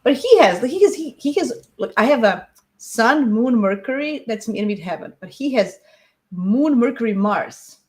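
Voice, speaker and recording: A woman's voice: on the high side, lively intonation, normal speed, a little mellow. Chatty woman hosting an astrology live. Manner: chatty, encouraging, laughs often. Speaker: astrology show host. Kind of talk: casual live-stream chat.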